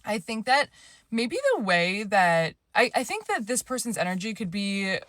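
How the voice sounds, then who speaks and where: A young woman talks through a tarot reading in a loose, chatty way, circling back and correcting herself as thoughts pop up. Her voice sits in a middle register and sounds dry and close, with no room around it. She sometimes drops to a hushed near-whisper while she hunts for a word. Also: medium pitch, expressive, normal speed, dry recording. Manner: rambling, chatty, lots of fillers and self-corrections; drifts to a hushed near-whisper when searching for words. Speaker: tarot reader. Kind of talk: casual intuitive reading to camera.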